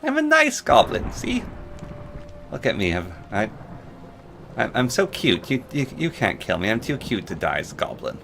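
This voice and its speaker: A man's voice: mid-range voice, huge pitch swings, moderate pace, vocal fry, noisy background. A man voicing a pleading, greedy little male goblin that stammers as it begs not to be killed.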